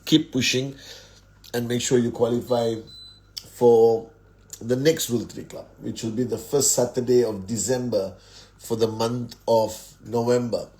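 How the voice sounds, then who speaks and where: A man's voice: medium pitch, steady tone, unhurried, a little mellow. Upbeat man hosting a live stream. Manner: upbeat, rattles off greetings to many viewers. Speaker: host of a network marketing live stream. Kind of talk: casual live-stream greetings and motivational talk. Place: at home, indoors.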